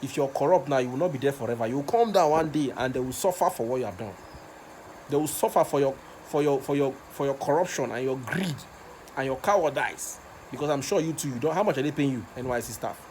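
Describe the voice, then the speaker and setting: A man's voice: medium pitch, expressive, fast talker, a little mellow, slight background noise. A man with a Nigerian accent, recording a passionate rant video, repeating himself and stumbling over words as he gets worked up. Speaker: vlogger.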